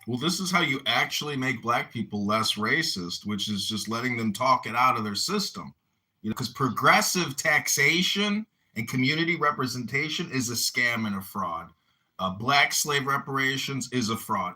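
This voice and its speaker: A man's voice: medium pitch, animated, normal speed, sharp tone. A man giving a blunt, dismissive rant in a group chat. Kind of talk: opinionated rant.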